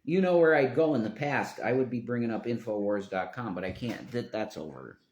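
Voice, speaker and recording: A man's voice: medium pitch, lively intonation, brisk, a little mellow. A man talking on his own live stream in a meandering, profane monologue, often trailing off mid-sentence. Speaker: livestreamer. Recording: roomy echo.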